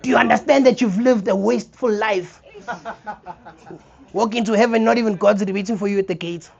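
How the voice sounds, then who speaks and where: Speaking with a South African accent, a young comedian on a comedy theater stage acts out scenes while telling lively stories. The recording is muffled, with some chatter behind his high-pitched, slightly fast voice and its vocal fry.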